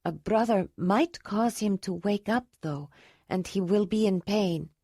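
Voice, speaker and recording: A woman voicing a calm young healer woman speaking gently in a storybook reading. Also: medium pitch, slightly rough, no room sound, clean studio sound. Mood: gentle. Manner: gentle, measured.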